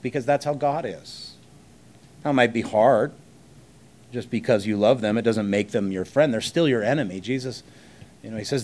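A man delivering a sermon as a pastor, preaching conversationally with rhetorical questions and emphatic pauses between short phrases. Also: medium pitch, animated, a little mellow.

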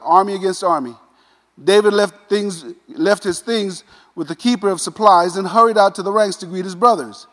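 A man preaching a sermon, retelling a scripture story in a casual, animated way with modern asides. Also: sits high, long reverb tail. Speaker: pastor.

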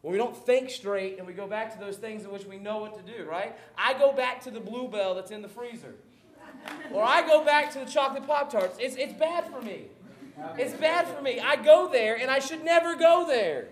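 A pastor preaches in a very high, light voice, animated and jokey, acting out Bible scenes as he goes. His voice carries an echo from the room around him. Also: moderate pace. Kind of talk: sermon.

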